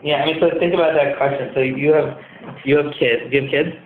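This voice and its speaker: A man's voice: on the high side, fast talker. A man, a company head, telling stories as a guest in an interview and acting out the voices of past conversations. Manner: animated, acts out dialogue in retold conversations. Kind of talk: storytelling interview answer. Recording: tinny phone-like line.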